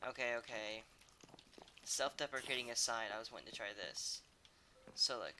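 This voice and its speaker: A man's voice: mid-range voice, lively intonation, moderate pace, pushed and bright, slight background noise. A young man casually streaming a video game, grumbling, swearing and snapping in irritation. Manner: irritable, swearing, sudden angry outbursts. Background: keyboard typing and mouse clicks.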